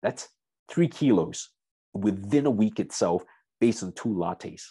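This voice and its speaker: A man with a somewhat low, husky voice lectures as a strength coach in a seminar. He speaks straight to his listeners and tells a client story in an easy, conversational way. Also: expressive, slow pace, mellow, no echo. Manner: storytelling, addresses audience as "you guys".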